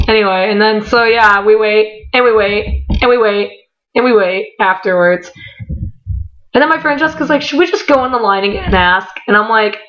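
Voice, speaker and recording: Bright-voiced young woman rambling excitedly. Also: mid-range voice, a little fast, lo-fi sound. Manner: rambling, many "like"s, excited swearing and laughter. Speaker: vlogger. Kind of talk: casual storytelling vlog.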